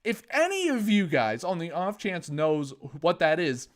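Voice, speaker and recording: A man's voice: sits high, huge pitch swings, a little slow. A young man hosting a podcast, telling a story in casual chat with sarcasm and frequent laughter. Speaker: podcast host.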